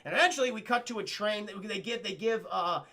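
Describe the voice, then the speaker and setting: A man streaming a rambling, profane scene-by-scene film recap to his chat, acting out lines in quick impressions. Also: sits high, sharp tone. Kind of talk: casual profane movie recap.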